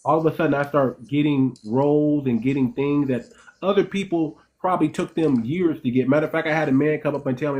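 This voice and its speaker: A male host delivers a commentary monologue in a brisk, darkish voice on the high side. He explains things emphatically, often restarts his phrases, and keeps checking in with "right?" and "okay?"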